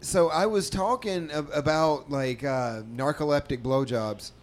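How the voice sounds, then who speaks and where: A man, a stand-up comedian, telling a profane, animated story in casual podcast chat. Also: on the high side, measured pace, a little hiss or hum.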